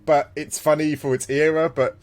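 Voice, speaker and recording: This man co-hosts a podcast, telling animated stories about retro games in casual chat and laughing frequently. He speaks at normal speed with a fairly high pitch.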